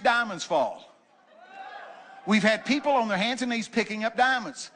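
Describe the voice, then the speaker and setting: An older man preaching from the pulpit, telling folksy stories in an animated way, with joking and loud bursts. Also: high-pitched, normal speed, pauses often, a little hiss or hum. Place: church sanctuary.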